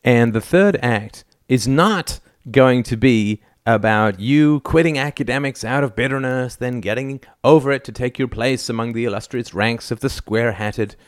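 A man's voice: mid-range voice, moderate pace, hardly any pauses, no room sound, clean studio sound, voice pushed up, close to an everyday voice. A man voicing an irreverent, wisecracking young friend in an audiobook. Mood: teasing. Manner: wisecracking, brash.

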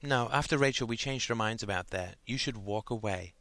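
A man voicing a serious, cautious schoolgirl who speaks softly and earnestly. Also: lowish voice, fairly quick, no echo.

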